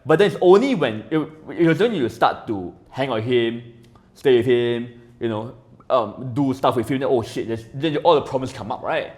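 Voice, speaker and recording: A man talking as a podcast guest in casual chat. He rambles, swears often and keeps asking "right?", swinging between loud and quiet. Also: medium pitch, lively intonation, normal speed.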